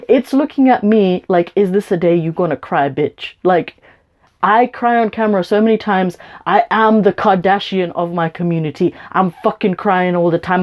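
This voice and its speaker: A woman's voice: mid-range voice, darkish tone. A woman vlogging to her camera, ranting angrily with lots of swearing and sarcasm. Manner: profane, sarcastic and confrontational. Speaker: YouTuber. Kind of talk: angry rant to camera.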